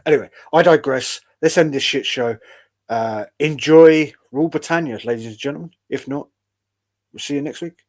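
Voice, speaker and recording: Rambling, wry and quick to curse, a podcast host from the United Kingdom talks casually on his online show. He speaks at a moderate pace in a slightly high voice.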